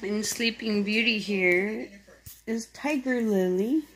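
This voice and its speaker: A tired woman chatting casually in a home video, talking softly and fondly to her kittens. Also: mid-range voice, slow pace. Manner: soft, fond baby talk to kittens. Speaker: vlogger.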